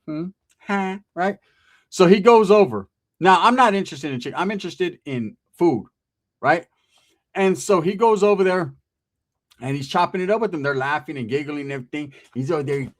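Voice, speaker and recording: A man's voice: fairly high pitch, animated, moderate pace. Profane, rambling male stand-up storyteller. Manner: rambling, profane, slangy, acts out dialogue. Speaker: comedian.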